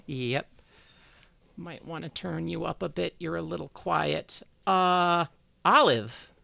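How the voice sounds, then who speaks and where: A game master running a tabletop game on a live stream, relaxed and halting, with many fillers. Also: mid-range voice, vocal fry, no room sound.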